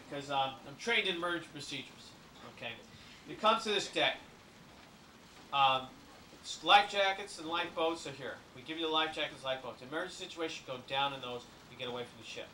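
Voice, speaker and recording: A man runs a cruise briefing as a comedy routine, slipping deadpan jokes between the rules. His voice is high and bright. It was caught from a distance on a camcorder in an echoey room. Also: brisk, slight background noise. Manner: jokey deadpan patter with asides. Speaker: cruise ship entertainer giving a briefing. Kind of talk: comic cruise briefing to an audience. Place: ship lounge.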